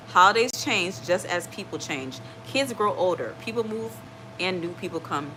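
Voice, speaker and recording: A woman chatting on her live stream in a slightly low voice, rambling from one thought to the next. She reads out viewer comments and keeps checking in with a reassuring "okay?". Faint noise sits under her voice. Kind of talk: casual live-stream chat.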